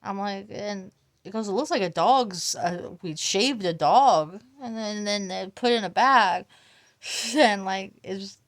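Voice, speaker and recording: A woman's voice: medium pitch, slow. A woman casually telling a family story, rambling and restarting often and laughing between lines. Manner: quotes family members in livelier voices. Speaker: vlogger.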